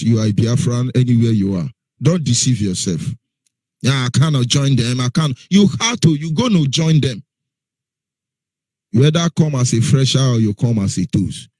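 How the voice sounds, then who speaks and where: A man's voice: medium pitch, mellow, breathy edge, dry recording. A man presenting on radio, driving his points home with repeated rhetorical questions that he answers himself. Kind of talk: impassioned radio talk.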